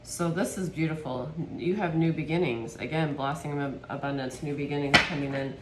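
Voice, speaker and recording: A woman giving a spiritual tarot reading to her viewers, speaking softly and with heartfelt emotion. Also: low-pitched, steady tone, a little fast, echoey room, a little hiss or hum. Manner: soft, heartfelt, gets emotional. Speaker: tarot reader.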